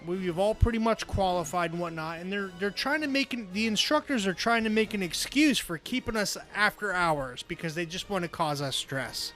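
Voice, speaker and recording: A man co-hosting a casual podcast and telling stories in an animated, profane way. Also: high voice, moderate pace, few pauses, faint music behind. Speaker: podcast co-host, former police officer.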